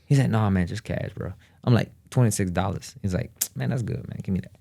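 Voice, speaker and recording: A man's voice: lowish voice, brisk, vocal fry. A man telling a family story in casual chat, acting out the people in it and laughing often. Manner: animated, acts out quotes in different voices. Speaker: family vlogger.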